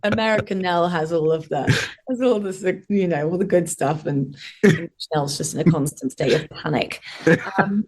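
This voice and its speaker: Laid-back young actress guest. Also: female voice, on the low side, moderate pace, slightly rough. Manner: relaxed, self-deprecating, laughs between thoughts. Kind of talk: casual interview.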